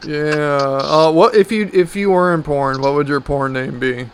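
A man's voice: on the high side, unhurried, a little hiss or hum. A man in crude, casual podcast banter who laughs often and rambles with restarts.

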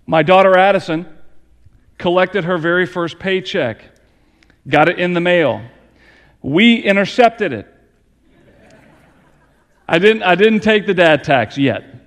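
A man's voice: sits high, big-room sound. A middle-aged man and pastor preaching a sermon with earnest, emphatic rising stresses.

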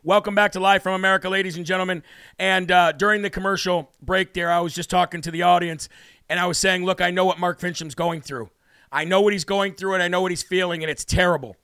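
A man's voice: sits high, steady tone, fast talker, bright, forceful tone, smooth, no echo, clean studio sound. A man hosting a talk radio show, emphatic and repetitive, preaching in a worked-up monologue. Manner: emphatic, repeats phrases, preacher-like cadence. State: emotionally worked up.

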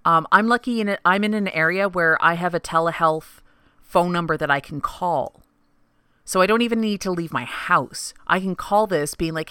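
A woman's voice: lowish voice, normal speed, pushed and bright, clear, resonant tone, dry recording. A woman co-hosting a podcast and stream, talking frankly in casual chat with many fillers. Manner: chatty, frank, lots of fillers.

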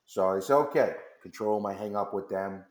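Animated storytelling man, roomy sound. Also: on the low side, a little fast. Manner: animated storyteller acting out both sides of phone calls. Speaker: company founder as guest. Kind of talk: storytelling in a radio interview. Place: radio studio.

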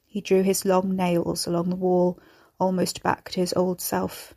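A woman reading a horror serial as narrator, steady and measured. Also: fairly low pitch, creaky. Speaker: audiobook narrator.

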